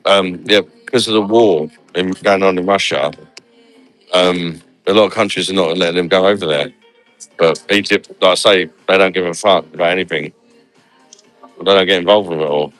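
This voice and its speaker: A man's voice: sits low, fairly even intonation, normal speed, a bit bright, faint music behind. An English man vlogging casually from a holiday resort, talking bluntly and swearing freely. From England. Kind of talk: casual vlog chat.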